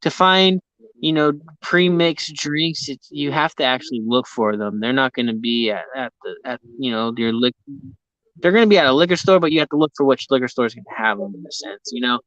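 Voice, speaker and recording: A man's voice: mid-range voice, a little fast, a bit bright, dry recording, highs cut off. An American man hosting a casual chat, rambling and full of filler words. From United States. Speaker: host.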